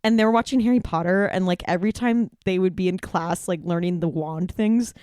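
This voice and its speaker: A woman's voice: on the low side, brisk, darkish tone, clear, resonant tone, no room sound, clean studio sound. A woman in her twenties, a friend and guest, telling a rambling gossipy story over dinner. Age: 20s. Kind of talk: casual chat among friends.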